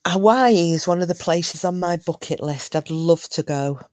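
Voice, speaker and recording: A woman's voice: on the low side, moderate pace, darkish tone, dry recording. A woman from Scotland chatting casually on a livestream, rambling and answering viewers' comments. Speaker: livestream host. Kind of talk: casual chat with live chat viewers.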